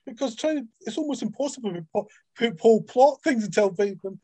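Lively Scottish man, higher-pitched. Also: a little fast, dry recording. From Scotland. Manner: animated storyteller, acts out quoted voices. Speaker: author guest. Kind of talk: casual interview chat.

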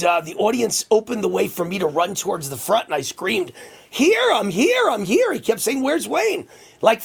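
A middle-aged man hosting a radio and TV talk show, boastfully telling stories and acting out shouts in a husky voice. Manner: boastful storytelling, acts out shouting with rising pitch. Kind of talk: conservative talk radio monologue.

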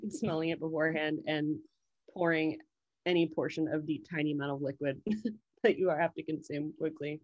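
Brief: woman, lowish voice, self-deprecating podcast co-host, dry and slightly dull recording. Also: fairly even intonation, moderate pace, a little mellow, no room sound. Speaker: podcast co-host, college professor. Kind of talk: casual chat.

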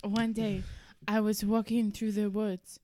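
A woman playing an eccentric Italian woman who is married to a car, speaking with a put-on Italian accent in deadpan improvised comedy. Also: medium pitch, a little slow, no room sound, clean studio sound, lightly acted. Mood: earnest. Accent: fake Italian accent. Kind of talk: improvised comedy role-play.

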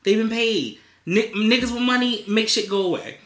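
A man's voice: sits high, moderate pace, a bit bright, echoey room. A man co-hosting a casual podcast in a basement, reading news headlines and adding profane asides. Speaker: podcast co-host. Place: basement studio.

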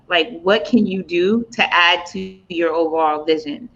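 A woman's voice: lowish voice, measured pace, fairly bright tone. A woman hosting a casual interview, asking long, thoughtful questions with many fillers. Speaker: interview host. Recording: dull lo-fi audio.

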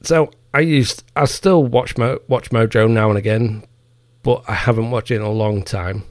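A man's voice: fairly low pitch, normal speed, dry recording, studio quality. A man hosting a podcast, ranting in a profane, heated and mocking way. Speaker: podcast host. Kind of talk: ranting commentary.

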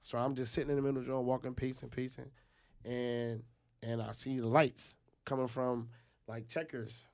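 Gravelly-voiced man telling a story. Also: mid-range voice, moderate pace. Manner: animated, acts out other people's lines. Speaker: guest telling a personal story. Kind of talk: casual storytelling.

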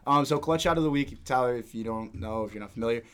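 A man's voice: medium pitch, fast, a bit bright, smooth. A man hosting a podcast in casual chat, blunt and teasing. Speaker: podcast host.

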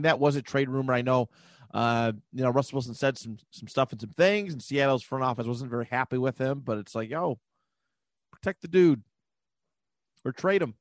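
A man's voice: medium pitch, no echo. A man co-hosting a podcast, rambling loosely through casual sports chat, laughing often and swearing now and then. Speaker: podcast co-host.

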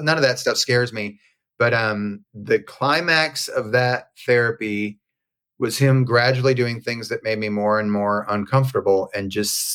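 A man being interviewed, telling a personal story in a candid, conversational way and acting out the dialogue. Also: fairly low pitch. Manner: animated, acts out quoted dialogue. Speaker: interview guest.

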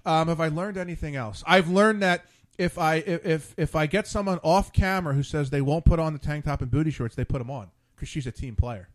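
A man's voice: fairly high pitch, a little fast. A man hosting a casual late-night talk show, rambling off on tangents with many restarts. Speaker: podcast host.

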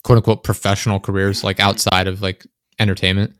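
A young man chatting casually on a podcast, rambling and animated, swearing often, close to his microphone. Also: sits low, brisk, no room sound. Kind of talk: casual chat. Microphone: close desk microphone.

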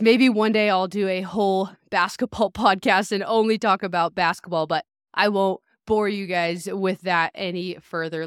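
Smooth-voiced woman hosting a chatty podcast. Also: mid-range voice, no echo, clean studio sound. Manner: upbeat, chatty and appreciative. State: slightly nasal from allergies. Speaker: podcast host and life coach. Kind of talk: casual podcast monologue.

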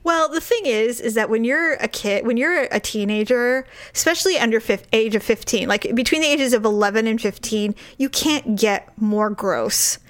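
A woman's voice: on the high side, moderate pace, few pauses. A woman in her forties co-hosting a podcast, chatting casually with her sister and telling stories with lots of laughter. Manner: animated, laughing storyteller. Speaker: podcast co-host. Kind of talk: casual chat with a sibling.

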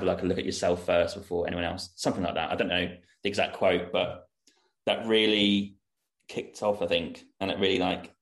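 A man with a low voice hosts a conversational podcast. He talks in a relaxed, chatty way, drifting through fillers as he steers toward the next question. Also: creaky. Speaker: podcast host. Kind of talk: casual interview chat.

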